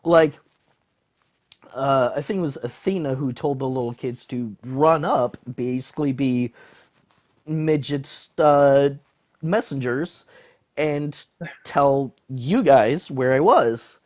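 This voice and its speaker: A man chatting as a podcast guest, telling a loose, meandering story. His voice sits at an ordinary middle pitch, and he keeps reaching for "like" and "uh" as he goes. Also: slow, a little mellow. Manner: rambling, heavy on fillers. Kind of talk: casual storytelling.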